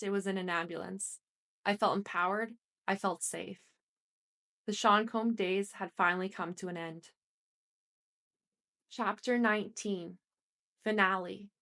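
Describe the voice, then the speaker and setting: A woman reads a first-person story aloud as an audiobook narrator. Her delivery is plain and steady, and she voices quoted lines only lightly. Her voice sits at a middle pitch.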